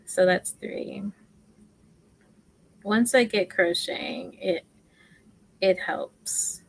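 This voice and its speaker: This crochet teacher speaks in a lowish, creaky voice over poor audio during her casual livestream tutorial. Slow and chatty, she pokes fun at herself and frequently murmurs stitch counts under her breath.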